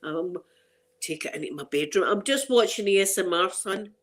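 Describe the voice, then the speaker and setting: A woman's voice: mid-range voice, normal speed. A middle-aged Scottish woman hosting an ASMR channel, chatting casually and rambling to her viewers. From Scotland. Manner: chatty and rambling, with frequent restarts and laughter.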